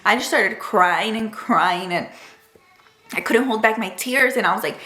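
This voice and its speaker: A woman's voice: medium pitch, moderate pace, a bit bright. A young woman casually telling a personal story to camera, chatty and emotional, full of "like" and "dude". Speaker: vlogger. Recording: roomy echo.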